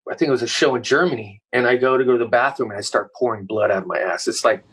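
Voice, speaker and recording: A middle-aged man telling a story as a podcast guest, animated and full of swearing. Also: medium pitch, very fast, noisy background. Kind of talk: casual interview chat.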